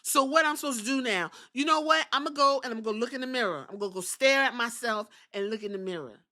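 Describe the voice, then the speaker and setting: A woman's voice: fairly high pitch, fast talker, sharp tone. A woman doing a sulking beaten male wrestler. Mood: sulky. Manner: sulky, profane rant. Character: male wrestler, weary and sulking after losses.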